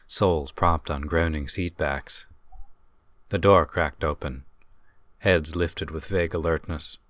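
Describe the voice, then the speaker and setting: A man narrating a fantasy audiobook in a measured, descriptive reading. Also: deep voice, a bit bright, dry recording.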